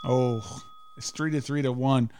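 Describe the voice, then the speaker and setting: A man's voice: mid-range voice, steady tone, unhurried, very noisy. A man hosting a podcast and running a quiz game for his guests, joking and laughing between questions. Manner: playful, laughing quiz-master. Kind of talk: casual studio banter.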